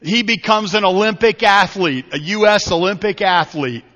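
A middle-aged man preaching with a bright, forceful voice pitched a little high. He tells stories in a hushed tone and then climbs into loud, urgent appeals. The sound is muffled and rings with a long hall reverb. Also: normal speed. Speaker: pastor. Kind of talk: sermon.

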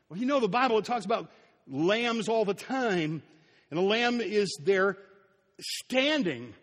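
Reverb rings long through a large church hall as a high-voiced pastor preaches at a moderate pace. He's animated, acting out the story, and now and then his voice sinks to a near whisper.

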